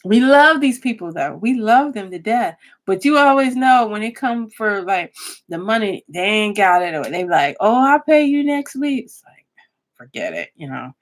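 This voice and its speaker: A woman's voice: mid-range voice, animated, normal speed. Laughing woman gossiping animatedly. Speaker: vlogger. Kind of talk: casual chat commentary.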